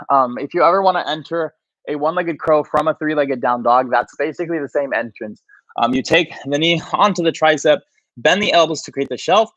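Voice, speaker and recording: Out of breath, a man counts down yoga poses for his livestream class, keeping things casual and chatty. His voice is on the high side and a bit bright, captured dry on a livestream mic with the highs cut off.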